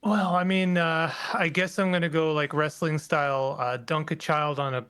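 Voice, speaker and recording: A man playing in a tabletop game, thinking aloud in a halting way with many restarts. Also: on the high side, fairly even intonation, a bit bright, clear, resonant tone. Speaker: player. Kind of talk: casual tabletop play.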